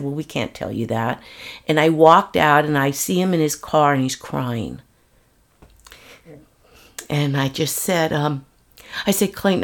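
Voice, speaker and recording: An older woman with a deep voice recounts her own story for an interviewer, earnest but halting, frequently starting her sentences over.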